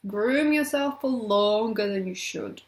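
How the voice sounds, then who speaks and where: A woman's voice: medium pitch, measured pace. A woman astrologer talking to camera in a playful, affectionate, teasing way, laughing often. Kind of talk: casual astrology vlog to camera. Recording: echoey room.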